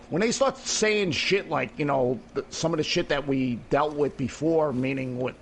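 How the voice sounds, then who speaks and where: A man's voice: fairly high pitch, moderate pace, slight background noise. Rambling middle-aged man on a headset. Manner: rambling, profane, keeps saying "you know what I mean". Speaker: gamer in voice chat. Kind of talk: casual chat.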